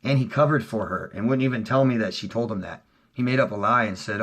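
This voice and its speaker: A middle-aged man, a relationship coach, talking straight to viewers in a heated, profane way, swinging between loud outbursts and low, quiet stretches. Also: fast talker. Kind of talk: casual monologue to viewers.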